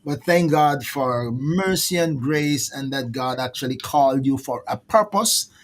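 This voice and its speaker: A man hosting a ministry interview, speaking in a halting, reflective way with many restarts. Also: mid-range voice. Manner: halting, repeats words, reflective. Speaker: host, minister.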